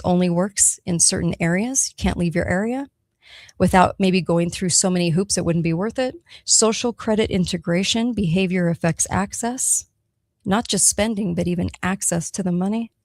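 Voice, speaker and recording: A woman's voice: medium pitch, darkish tone, dry recording, studio quality. A woman hosting a radio talk show, speaking emphatically and checking in with her listeners as she goes. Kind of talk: solo talk radio monologue.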